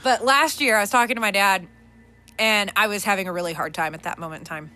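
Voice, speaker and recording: A woman's voice: mid-range voice, quick pace, bright, forceful tone. A young woman hosting a podcast in a casual, candid monologue, swearing freely and laughing often between fillers. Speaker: podcast host.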